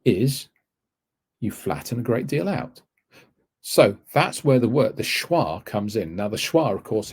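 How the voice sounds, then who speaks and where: A man's voice: fairly low pitch, a little mellow, husky. A man giving a teaching webinar, rambling and correcting himself often as he explains. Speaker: TEFL course tutor. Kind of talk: webinar lecture.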